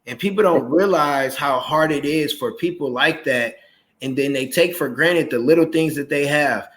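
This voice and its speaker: A man in his thirties hosting a casual interview chat, animated and acting out quoted voices as he talks. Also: a little high, normal speed. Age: 30s. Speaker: podcast host.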